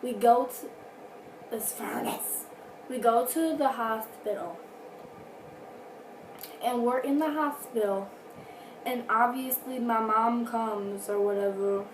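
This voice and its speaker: In a casual storytime vlog filmed indoors at home, a woman chats away and throws in dramatic asides as a furnace hums. She speaks slowly in a fairly high voice, pausing often. She's far from the mic in a roomy recording with faint noise.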